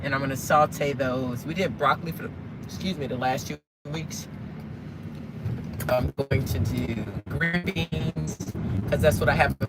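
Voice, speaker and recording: A woman's voice: rumbling low, steady tone, a little slow, over loud music, rough recording. A woman from the States, chatting casually and rambling to her viewers while driving, asking them questions now and then. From Southern United States. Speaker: live-streaming vlogger. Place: inside a car in traffic. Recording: clear car road noise behind.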